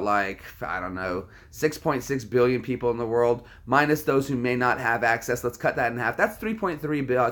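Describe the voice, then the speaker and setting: A man hosting a casual live stream, calmly lecturing and brushing off trolls. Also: mid-range voice. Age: adult, military background. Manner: calm, lecturing, dismissive of trolls. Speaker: livestream host.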